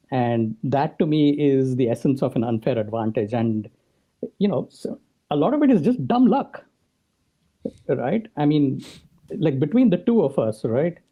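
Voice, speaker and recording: A podcast guest explains his ideas in conversation with a mellow, husky, medium-pitched voice. He frequently checks in by tagging his points with "right?"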